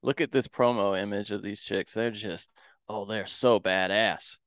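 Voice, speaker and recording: A man's voice: on the low side, fairly even intonation, unhurried, fairly bright tone, no echo, studio quality. A man co-hosting a podcast, chatting and reading findings aloud with easy laughs. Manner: laughs easily. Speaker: podcast co-host. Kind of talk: casual chat, reading from web.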